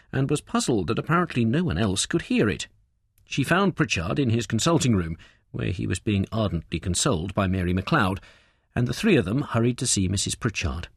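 A man's voice: slightly rough, dry recording, studio quality. A man giving a scripted true-crime narration in a dramatic storytelling manner. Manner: dramatic storytelling with lively pitch swings.

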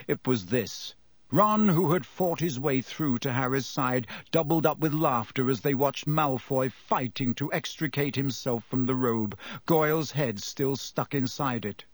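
A man's voice: mid-range voice, moderate pace, no echo. Man narrating an audiobook, dry sound. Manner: lively, dramatic storytelling.

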